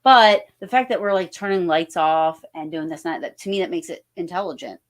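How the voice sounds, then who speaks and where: A woman's voice: on the low side, a little fast. A woman from New Jersey, a guest paranormal investigator, telling stories casually with many fillers and restarts. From New Jersey, USA. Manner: rambling, full of fillers and restarts. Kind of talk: casual storytelling on a podcast.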